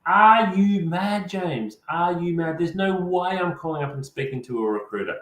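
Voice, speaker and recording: A man's voice: high voice, normal speed, a bit bright, voice pushed up. A man voicing a nervous, reluctant job seeker who stammers out protests. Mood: panicked disbelief. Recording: roomy echo.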